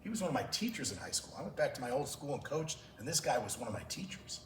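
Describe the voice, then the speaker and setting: A man's voice: medium pitch, very animated, fast, slight background noise. Passionate man coaching clinic talk, echoey. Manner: passionate storytelling, gets emotional. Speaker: track and field coach. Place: large conference room. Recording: echoey room, voice far from mic.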